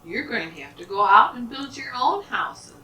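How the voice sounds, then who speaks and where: A woman's voice: fairly high pitch, expressive, moderate pace, bright, forceful tone, pitched above the performer's own voice. Firm mother pig, matter-of-fact, storybook played by a woman, distant roomy sound.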